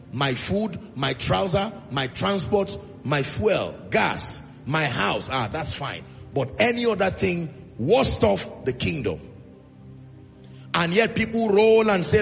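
A man's voice: high-pitched, creaky, long reverb tail. A Nigerian man preaching a sermon as pastor, emphatic and hammering repeated refrains.

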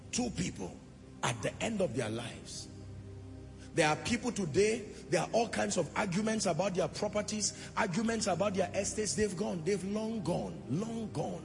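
Impassioned preacher in a reverberant hall. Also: male voice, sits high, vocal fry. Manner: impassioned, swelling into sung phrases. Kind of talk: sermon. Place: church hall. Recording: long church hall reverb.

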